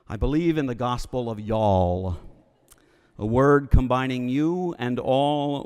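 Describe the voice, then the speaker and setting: A man's voice: medium pitch, a little mellow, smooth. Wry Southern man preaching in a church. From Alabama. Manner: wry, humorous storytelling. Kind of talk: sermon. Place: church sanctuary. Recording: long reverb of a church hall.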